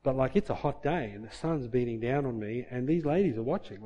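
A middle-aged pastor preaches a sermon, telling a story from his own life and acting out his inner grumbling in a low mutter. He speaks expressively and briskly with few pauses, in a dark tone, and the highs are cut off.

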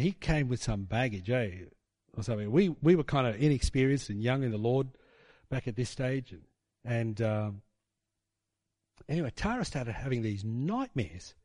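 A middle-aged man shares a testimony in a sermon, rambling and conversational, often checking in with his listeners through tag questions. His voice sits at an ordinary pitch and sounds dry and close. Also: lively intonation, moderate pace, dark tone, no echo. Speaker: preacher.

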